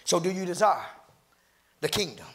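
A man preaching a sermon as pastor, rising into shouted, half-sung cadences and calling out to people in the congregation. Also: high-pitched, very animated, normal speed, a little hiss or hum. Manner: calls out to congregation members by name.

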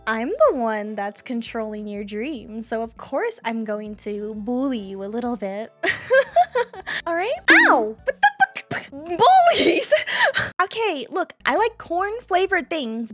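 A woman VTuber giving a playful self-introduction, giggly and teasing with exaggerated yelps and squeals. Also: high voice.

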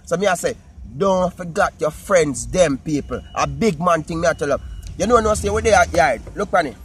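A man with a Jamaican accent talking casually to his viewers in patois, animated and repetitive. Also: on the high side, fairly quick, slight background noise. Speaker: vlogger. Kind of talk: casual talk to camera.

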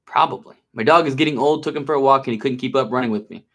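A medium-pitched, fairly bright male voice rattles along very fast during a casual live stream. The streamer is easygoing and slangy, calling people dude and bro, and becomes jittery and coaxing when he works with a big snake.

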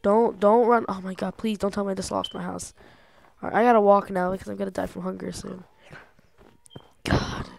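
Talking to herself through an excitable gameplay session, this young woman gamer swears and laughs often. Her mid-range voice is brisk and gravelly with long pauses, and there's a little hiss or hum in the recording.

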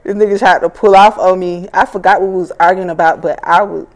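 A woman's voice: fairly low pitch, fairly even intonation, quick pace, a little mellow. Blunt, laughing rapper woman in her mid-twenties. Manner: blunt, profane, laughs while telling stories. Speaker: rapper being interviewed. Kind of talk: casual interview chat.

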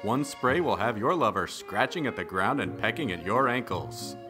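A man's voice: fairly low pitch, animated, normal speed, close to an everyday voice. A man playing a mock-grand announcer in a spoof commercial. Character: smooth male ad announcer. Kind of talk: spoof radio ad. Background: music.

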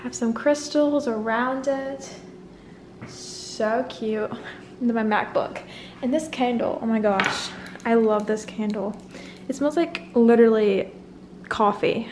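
A young woman vlogger gives a chatty, rambling tour of her small apartment on her phone camera, bubbly and slightly out of breath. Her voice is fairly high and slow, with background noise audible.

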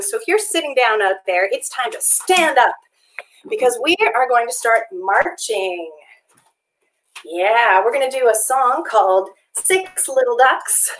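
A woman's voice: high-pitched, background noise. A woman co-hosting a children's music livestream from home, cheerful and encouraging, singing and giving movement cues. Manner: bright, encouraging, sings along.

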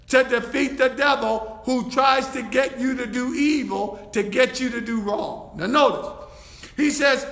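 A man preaching a sermon as pastor, building to shouts and often repeating words, with frequent cries of hallelujah and thank you, Lord. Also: very high-pitched, vocal fry, echoey room, in a large hall.

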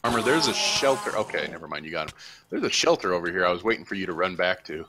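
A man's voice: low voice, lively intonation, fast, background noise. A man in casual voice chat, rambling and commenting on his own play while gaming with friends. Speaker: gamer.

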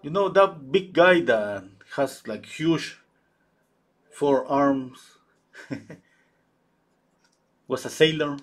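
Male painter, husky voice, halting live-stream chatter with many restarts. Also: on the high side, lively intonation. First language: Spanish. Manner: halting, searches for English words, many restarts. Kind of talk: casual chat while painting live.

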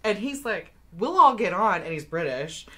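A woman's voice: mid-range voice, sing-song, normal speed, bright, forceful tone. A woman co-hosting a live game stream, chatting casually and rambling with lots of fillers. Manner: rambling, many "like" fillers, laughs often. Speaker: co-host of a board game stream.

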